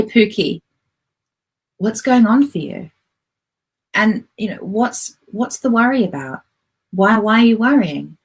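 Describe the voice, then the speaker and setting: A woman who is a self-help author, giving a spoken lesson in a gentle, conversational way and speaking straight to her listeners. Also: mid-range voice. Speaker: self-love author and coach.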